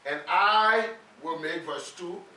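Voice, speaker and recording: A man's voice: high voice, slow pace, pushed and bright. A man preaching a sermon, emphatic and leading the congregation to repeat phrases after him. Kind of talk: sermon with call-and-response. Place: church sanctuary with congregation. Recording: roomy church hall, mic at a distance.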